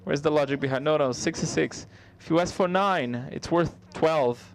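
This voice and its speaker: A man with a somewhat high voice interprets a comedy routine live, speaking conversationally but haltingly and restarting often.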